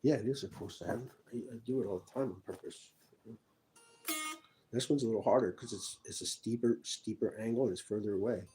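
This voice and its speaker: A man in a rambling personal monologue, halting and restarting with repeated words. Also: on the low side, mellow, soft background music, rough recording.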